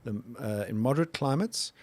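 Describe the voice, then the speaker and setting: A man's voice: mid-range voice, expressive, moderate pace, a little mellow, no room sound. A man co-hosting a casual podcast, chiming in and reading out answers. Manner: short interjections and reactions. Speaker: podcast co-host.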